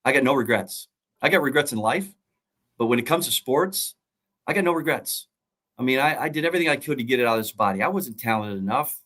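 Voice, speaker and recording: A man's voice: medium pitch, animated, quick pace, fairly bright tone. A middle-aged man, a football coach, telling his story in an earnest, preaching way and repeating key phrases. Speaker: college football coach and former pro player. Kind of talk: motivational interview talk.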